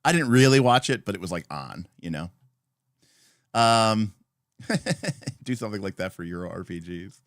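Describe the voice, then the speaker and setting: A man's voice: fairly low pitch, expressive, normal speed, pauses often, no room sound, clean studio sound. A man hosting a casual livestream, chatty and rambling as he greets viewers by name. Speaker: livestream host.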